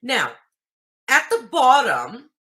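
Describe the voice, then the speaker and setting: Female tutorial host: patient explainer, unhurried, sharp bright voice. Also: on the high side, wildly swooping pitch. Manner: patient, explanatory, checks in with listeners. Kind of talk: screen reader tutorial.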